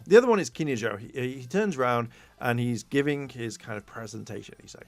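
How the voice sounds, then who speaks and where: A man's voice: medium pitch, fairly quick, hardly any pauses. A man casually recapping a TV episode for a podcast, rambling with lots of fillers and acting out the characters' lines. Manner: rambling, fillers, loose quoted impressions. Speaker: podcast co-host reviewing a tokusatsu episode.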